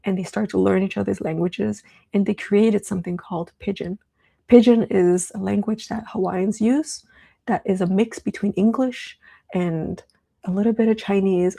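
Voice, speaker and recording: Chatty woman with a gravelly, mellow voice. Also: medium pitch. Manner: chatty, rambling, with many fillers. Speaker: livestream host. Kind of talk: casual live-stream tech demo.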